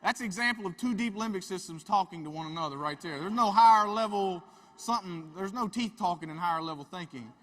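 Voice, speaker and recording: Guy doing a funny live talk, kinda high voice, chatty storyteller, echoey big hall. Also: fast, a bit bright. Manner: folksy storyteller, chatty asides. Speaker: family therapist and speaker. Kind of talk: humorous live talk to an audience. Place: large hall with a live audience. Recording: reverberant hall.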